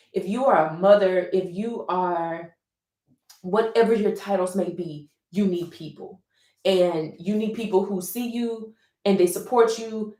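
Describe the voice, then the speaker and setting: A woman's voice: mid-range voice, a little mellow. Earnest, rambling woman in an echoey room. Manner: earnest, rambling, many restarts and fillers. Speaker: artist live-streaming while painting. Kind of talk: casual heartfelt monologue. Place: room while painting on camera.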